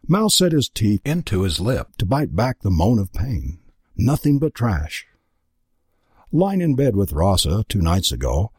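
A man giving a dramatic, expressive scripted narration of a storybook. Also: lowish voice, slightly rough, no room sound, clean studio sound. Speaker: audiobook narrator.

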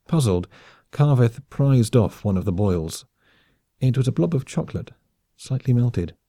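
Man reading an audiobook, dark husky voice, dry close sound. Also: medium pitch, animated, unhurried, no echo. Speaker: audiobook narrator. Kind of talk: scripted narration.

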